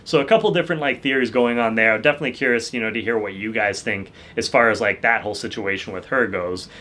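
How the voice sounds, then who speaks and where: A man's voice: lowish voice, fast, bright, forceful tone. A young man hosting his channel, talking through a TV episode in a loose, rambling way, packed with "like" and "you know" fillers. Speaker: channel host reviewing a TV episode. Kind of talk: casual review chat.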